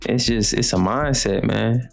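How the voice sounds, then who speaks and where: A man's voice: medium pitch, unhurried, gravelly, soft background music. A young man hosting a show, giving blunt, repetitive motivational talk full of slang. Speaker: show host. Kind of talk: motivational monologue.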